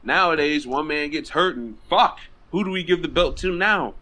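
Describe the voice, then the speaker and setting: Higher-voiced guest, loud opinions, swears constantly. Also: male voice, moderate pace. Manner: excitable, blunt, heavy swearing. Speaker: podcast guest. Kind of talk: casual wrestling chat.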